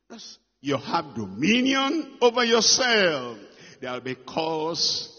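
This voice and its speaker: A man preaches slowly and emphatically, his husky, bright-edged voice rising and falling in a lively way. He repeats his points for weight. The sound is muffled, with a long hall echo behind it. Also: a little high. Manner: emphatic, repeats phrases for effect, swings between loud and hushed. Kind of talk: sermon.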